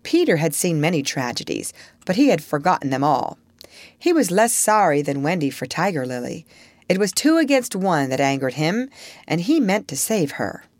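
A woman narrator reading a storybook aloud in a measured, expressive way. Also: low voice, dry recording.

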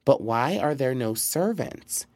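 An old king full of eager, greedy admiration, as a man acts him out in a storybook reading. His pitch sits raised above the reader's own, and the sound stays close and dry. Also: animated, takes it slowly, no room sound. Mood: impressed.

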